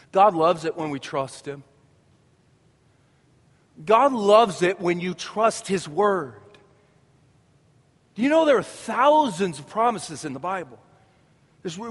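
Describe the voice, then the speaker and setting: Male pastor, high voice, impassioned sermon delivery, long hall reverb. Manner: impassioned, swelling to loud emphatic peaks.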